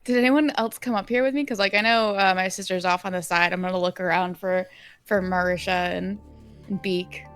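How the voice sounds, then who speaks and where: A woman playing a tabletop role-playing game, speaking quietly and tentatively. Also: medium pitch, fairly even intonation, fairly quick, clear, resonant tone, no echo, soft background music. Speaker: player. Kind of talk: tabletop role-play chat.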